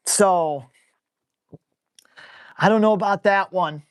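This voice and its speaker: Speaking slowly in a high voice, a man who trains dogs hosts a live-stream Q&A, reading questions from viewers aloud and answering on the spot, loose, blunt, a bit crude, and salty. The sound is clean studio quality with no room sound.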